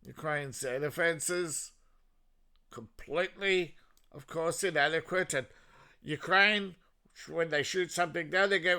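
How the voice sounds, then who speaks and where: A man's voice: fairly high pitch, moderate pace, gravelly, pushed and bright. An Australian man giving a sarcastic, mocking solo commentary as host of his own show. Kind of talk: solo political commentary monologue.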